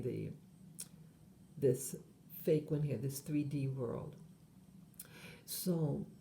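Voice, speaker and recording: Low and dark, with a faint hiss or hum in the background, this woman's voice carries a rambling monologue on her channel. As host, she wanders from point to point, full of fillers and self-corrections.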